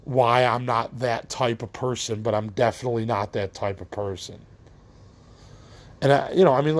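A middle-aged man hosting a solo podcast, venting in a tired, rambling way, trailing off and restarting, swearing casually. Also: mid-range voice. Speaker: podcast host.

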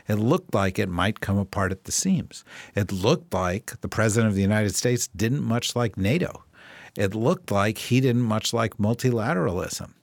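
A man's voice: lowish voice, gravelly, no echo. A man hosting a political podcast in casual chat, wry and joking, rambling through his points. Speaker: podcast host.

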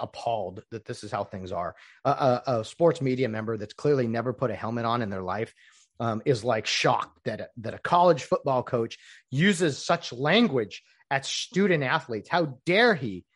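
A man hosting a casual solo podcast. He is opinionated and rambling, with mocking asides. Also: medium pitch. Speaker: podcast host.

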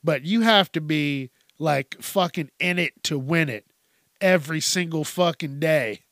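Man, middle-aged, podcast host, blunt, profane, rambling, unhurried, dry close sound. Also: fairly high pitch, fairly bright tone, no echo. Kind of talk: casual monologue.

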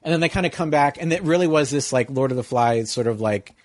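A middle-aged man telling a long, rambling story in casual conversation, full of likes and you-knows, jumping into high mocking voices to quote people. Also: fast, darkish tone, dry recording, clean studio sound.

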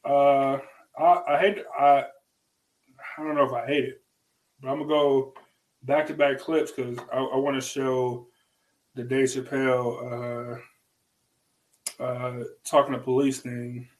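A man's voice: medium pitch, little pitch movement, unhurried, long pauses, low-quality recording. A man hosting a casual chat who talks emphatically, laughs often and repeats his words. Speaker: podcast host.

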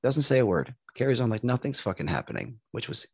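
A man's voice: mid-range voice, fast talker, vocal fry, slightly rough. A middle-aged man from the United States, telling stories in a casual chat, loose and profane. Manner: profane, animated storytelling.

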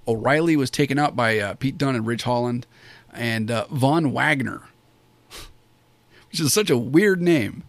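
A man talking through a wrestling show review in a loose, rambling way, full of fillers and restarts. His pitch sits in a middle range for a man, and the sound is dry and close, with no room around it. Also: creaky, no room sound. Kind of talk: casual spoken review.

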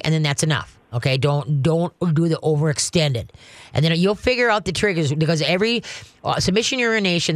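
A man's voice: fairly high pitch, no echo. Folksy Midwestern man hosting a radio show. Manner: folksy, rambling, with many restarts and fillers. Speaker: radio call-in host giving dog training advice. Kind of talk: casual call-in radio chat. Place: radio studio. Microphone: studio microphone.

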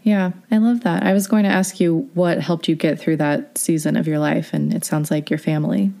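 A woman's voice: fairly low pitch, fairly even intonation, moderate pace, gravelly, dark tone. A woman hosting a casual interview podcast, asking long, supportive questions. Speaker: podcast host.

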